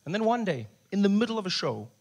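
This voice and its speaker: A man from South Africa performing a stand-up comedy set, telling stories with lively character voices and sudden soft passages. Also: high voice, quick pace. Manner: animated storytelling, acts out characters, drops into soft voice. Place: live comedy venue with audience.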